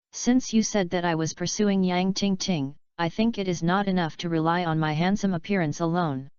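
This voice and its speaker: A spoiled young heir who brags and smooth-talks his way out of trouble, as a woman narrator reads him. The voice is low and very clear. The recording is dry and slightly dull. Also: no room sound, lightly acted. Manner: smooth-talking, bragging. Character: boastful young man, spoiled rich son.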